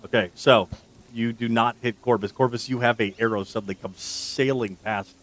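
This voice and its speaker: A man running a tabletop game as game master, narrating events with slow dramatic pauses. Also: medium pitch, steady tone, fairly bright tone.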